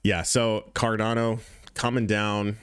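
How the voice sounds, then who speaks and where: Man, deep voice, dry close sound, casual profane crypto chart commentary, emphatic repetition. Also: flat delivery, slow, clean tone, no echo. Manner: blunt, profane, repeats points for emphasis. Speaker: crypto trading channel host.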